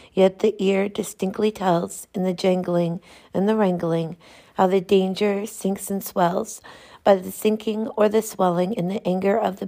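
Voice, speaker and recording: A woman reads a poem aloud with a gravelly, mellow voice. Her delivery is measured and rhythmic. She slows down and lingers over repeated words. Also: medium pitch. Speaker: poetry reader. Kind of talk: poetry recitation.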